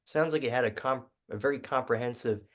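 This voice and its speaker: A man's voice: mid-range voice, brisk. A man hosting an interview, speaking casually and a bit hesitantly. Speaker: interview host.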